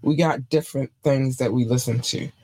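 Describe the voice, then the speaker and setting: A woman's voice: rumbling low, fairly even intonation, normal speed, darkish tone, no echo. A woman from hosting a casual livestream show, loose and rambling, repeating her words, chewing gum as she talks. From Baltimore, United States. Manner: chewing gum while talking. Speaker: show host.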